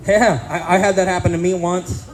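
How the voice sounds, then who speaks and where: A man's voice: high-pitched, little pitch movement, moderate pace, a little hiss or hum, rough recording. A man in his thirties doing a crude, self-deprecating stand-up comedy set with punchy delivery on a casino stage. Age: 30s.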